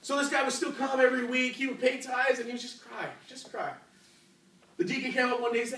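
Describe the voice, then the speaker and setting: A man delivers a youth sermon like a story told among friends, with lots of fillers and questions to the crowd. His voice sits high for a man. The sound comes from away from the mic and echoes around a big church room. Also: fairly even intonation, brisk, fairly bright tone, distant mic. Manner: conversational, asks the crowd questions, many fillers. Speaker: youth preacher.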